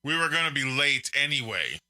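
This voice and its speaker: A man in his forties trades teasing jokes on a casual live stream. His voice is very bright and his pitch moves a lot. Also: big pitch swings, fairly quick. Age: 40s. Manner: joking, teasing banter. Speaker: podcast co-host.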